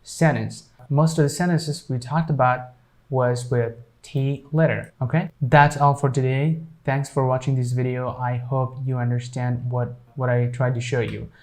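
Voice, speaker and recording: A man teaching pronunciation, explaining in short halting phrases and repeating each example word several times. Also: medium pitch, fairly even intonation, darkish tone. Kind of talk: pronunciation lesson.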